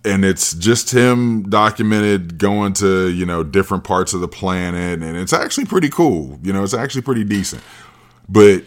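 A man's voice: low-pitched, moderate pace. A man hosting his own podcast, talking alone in a casual, profane and emphatic rant. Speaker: podcast host.

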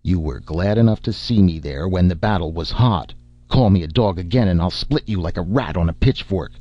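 A man's voice: low voice, lively intonation, normal speed, warm tone, no echo. A man voicing a surly rival nobleman who speaks coldly and menacingly, in a dull lo-fi recording. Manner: cold, menacing.

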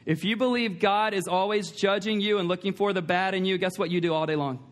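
High-pitched guy preaching a sermon in church, emphatic, repeats his main points and asks the room questions. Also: steady tone, brisk. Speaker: pastor. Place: church sanctuary.

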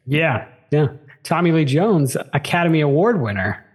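Brief: male podcast co-host, slightly raspy, chatty trivia banter. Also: on the high side, very animated, normal speed. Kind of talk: casual chat, movie trivia game.

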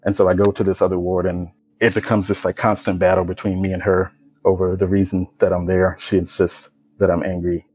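Deep, flat-voiced young man telling his story. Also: brisk, breathy edge, dry recording, rough recording. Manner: low-key, reflective, many "like" fillers. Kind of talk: personal testimony.

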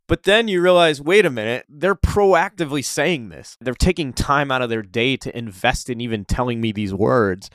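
A man telling stories in a casual conversation, animated and often laughing. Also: mid-range voice, fairly quick, few pauses, no room sound, clean studio sound. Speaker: interview guest.

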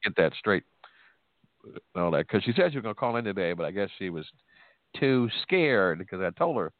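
A man's voice: low voice, very animated, normal speed, no room sound. A middle-aged man, hosting a call-in radio show with boastful, joking trash talk and frequent laughter. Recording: tinny phone-like audio.

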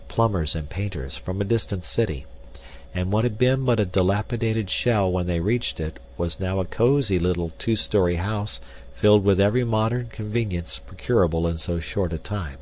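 A man reading a novel aloud as an audiobook narrator, measured and even. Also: low-pitched, a little hiss or hum. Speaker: audiobook reader. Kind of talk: scripted narration.

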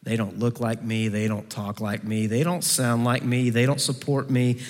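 A man preaching a sermon to a campus gathering, swinging between fervent raised passages and hushed, pleading ones. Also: medium pitch, little pitch movement, moderate pace. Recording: long hall reverb.

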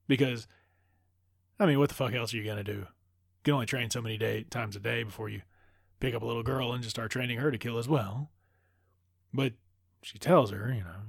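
A man's voice: medium pitch, no room sound, clean studio sound. A man giving a profane, sarcastic comedic movie recap full of rambling asides.

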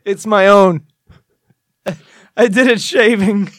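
This is a nervous, evasive football coach, put on by a man who keeps rambling in his own defense and breaking into jittery laughter. His voice sits fairly high. The sound is dry and close. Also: fairly even intonation, slow pace, a bit bright, no echo. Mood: flustered. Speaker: podcast co-host.

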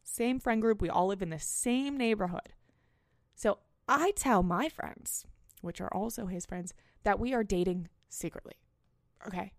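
A woman in her twenties hosting a podcast, telling a story in a casual, animated, self-mocking way with plenty of swearing. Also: medium pitch, a little slow, dry recording, clean studio sound. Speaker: podcast host.

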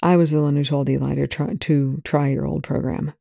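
A reader voicing a gruff male military colonel in a fan fiction reading, quiet and hesitant, with a lowered voice. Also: level tone, fairly quick, dry recording, clean studio sound.

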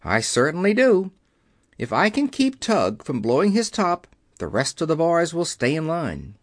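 A man reads a commanding chief engineer with a quiet, carrying authority. His pitch moves a lot as he lays down the law. The sound is dry and close. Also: huge pitch swings, unhurried, dry recording, full character voice.

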